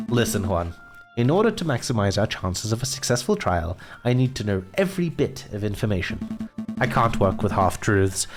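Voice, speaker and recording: A man's voice: lowish voice, very animated, normal speed, soft background music. A man reading a game aloud and voicing a stern, blunt male bird defense lawyer with a curt, commanding delivery.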